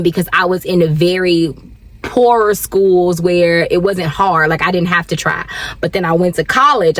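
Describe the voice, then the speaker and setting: A woman, chatting casually to camera from her car, animated and talkative with sudden high jumps and laughs. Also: dry recording. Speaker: vlogger, working mom.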